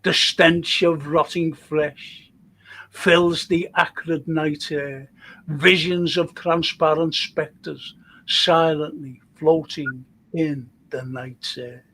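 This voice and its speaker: An older man reads his own eerie verse aloud in a slow, drawn-out delivery. His voice sits a little higher than most men's. He leans on each line with deliberate drama. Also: steady tone, pushed and bright, slight background noise. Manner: slow, deliberate dramatic reading with a swearing, fumbling chat between. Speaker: amateur poet on a live stream. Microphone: computer mic on a live stream.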